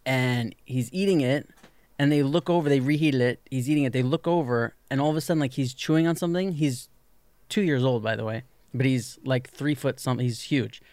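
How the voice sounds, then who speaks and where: Man telling an animated anecdote. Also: medium pitch, brisk, dry recording. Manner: animated storyteller, lots of "like", acts out quoted people. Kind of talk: casual storytelling chat.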